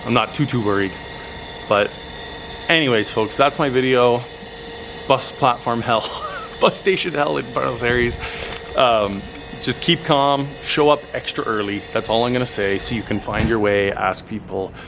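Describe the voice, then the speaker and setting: A man from Alberta, Canada, recounting his travel mishaps to camera in a rambling, animated vlog, with lots of fillers and an exasperated curse now and then. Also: mid-range voice, moderate pace, vocal fry, noisy background. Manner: swears in exasperation. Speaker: travel vlogger. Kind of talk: casual storytelling to camera.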